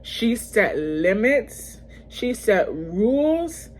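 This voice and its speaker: A woman vlogger telling a personal story in a casual storytime video, animated and slangy, often calling out to her viewers and restarting her sentences. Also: fairly high pitch. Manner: fast bursts with frequent fillers and restarts.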